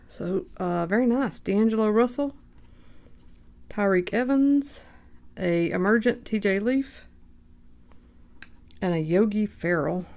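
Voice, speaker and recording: A woman hosting a card break, calmly reading out player names and getting excited at good pulls. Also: medium pitch, creaky. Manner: unhurried, reads names aloud, bursts of excitement. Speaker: card shop host opening packs. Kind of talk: casual card-breaking commentary.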